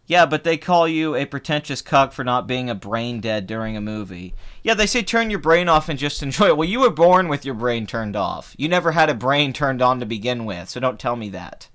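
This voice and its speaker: A man's voice: mid-range voice, animated, brisk, few pauses, a bit bright. A man in his twenties, hosting a film channel, ranting heatedly and with profanity in casual live stream chat. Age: 20s. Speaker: film review channel host.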